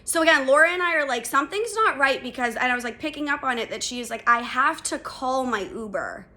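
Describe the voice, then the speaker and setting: A young adult woman hosting a podcast, telling a story in a casual, animated way, with lots of filler words and swearing. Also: high voice, a little fast. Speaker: podcast host.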